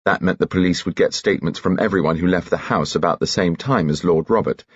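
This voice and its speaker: Deep gravelly guy reading an audiobook, dry dull lo-fi sound. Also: quick pace, no room sound. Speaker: audiobook narrator. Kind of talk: scripted narration.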